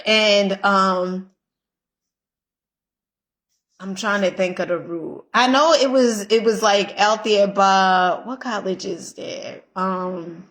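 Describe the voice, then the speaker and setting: A woman's voice: medium pitch, slow, few pauses, a bit bright. A woman giving a casual motivational pep talk, emphatic and repetitive, swearing freely and checking in with "okay?". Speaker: motivational vlogger.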